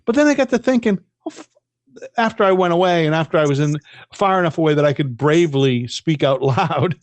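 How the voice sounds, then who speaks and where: A man's voice: on the high side, lively intonation, brisk, no room sound. Profane rambling man telling a story. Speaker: podcast co-host. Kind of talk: casual storytelling chat.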